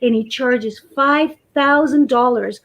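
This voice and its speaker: A woman guest telling a personal story in a casual chat, animated and acting out what people said. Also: high voice, slow, rough recording. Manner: animated storyteller, acts out quotes.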